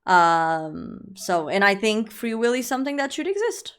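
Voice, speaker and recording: A woman's voice: mid-range voice, sing-song, a little slow, clean tone. A young woman livestreaming and chatting with her audience, rambling with lots of fillers and calling viewers "my love". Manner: rambling, filler-heavy, affectionate with chat. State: allergies. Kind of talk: casual livestream chat.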